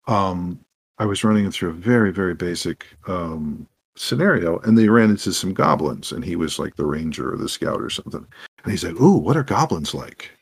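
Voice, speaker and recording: A man telling animated stories as a podcast guest about running tabletop games, acting out what his players said. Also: sits low, breathy edge. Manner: animated, acts out quoted players. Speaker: podcast guest, game master. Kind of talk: anecdotal interview storytelling.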